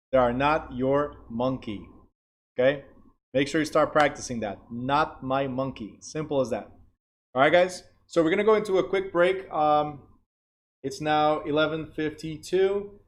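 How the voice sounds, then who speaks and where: Male class host with a slightly higher voice; relaxed and conversational, checks in often. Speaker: class instructor and livestream host. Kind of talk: casual live-stream lecture.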